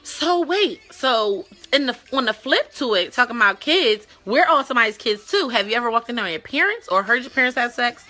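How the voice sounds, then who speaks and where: Brief: young woman hosting a casual web talk show, playful and profane, sharp bright voice. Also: a little high, animated, fairly quick, few pauses. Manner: blunt, profane, playful, with loud mock-disgusted outbursts. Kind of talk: casual chat, reacting to viewer stories.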